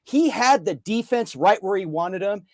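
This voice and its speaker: Higher-pitched guy chatting football, says man and dude a lot, dry close mic. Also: lively intonation, moderate pace, dry recording. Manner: rambling, many fillers and "man" and "dude". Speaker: co-host. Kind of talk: casual sports podcast chat.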